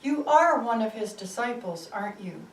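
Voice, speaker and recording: A woman's voice: a little high, expressive, moderate pace, slight background noise, natural voice. A woman voicing a suspicious man who asks pointed, probing questions, in a roomy space recorded from a distance. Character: suspicious man accusing a stranger. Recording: roomy, distant mic, faint ambience.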